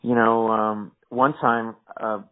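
A male comedian telling lively anecdotes in a podcast interview, acting out the people in his stories. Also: slow. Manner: animated, acts out quoted characters in higher voices. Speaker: comedian guest. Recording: tinny phone-like audio.

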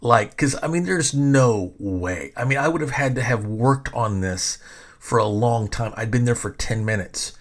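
A man's voice: medium pitch, moderate pace. A middle-aged man hosting a podcast. He tells stories casually in rambling, self-interrupting sentences and swears often. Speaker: podcast host. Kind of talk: casual storytelling.

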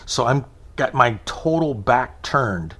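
A man's voice: mid-range voice, slow. A man in his thirties telling a long, rambling story in casual conversation, acting out the voices of the people in it. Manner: animated, rambling anecdote with acted-out quotes.

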